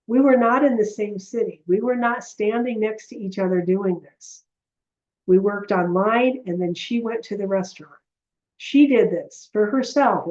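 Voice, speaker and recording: A woman of middle pitch leading a live online lesson, telling stories with animation and often speaking straight to her viewers. Her voice sits in an ordinary, even register. The recording sounds a little dull and muffled. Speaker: energy healer and heart coherence teacher. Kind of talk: live online teaching session.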